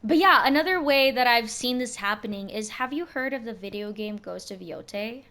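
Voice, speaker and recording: A woman's voice: fairly high pitch, normal speed. Slangy, swearing young woman streamer. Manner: expressive, swears freely, slangy asides. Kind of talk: casual chat while gaming.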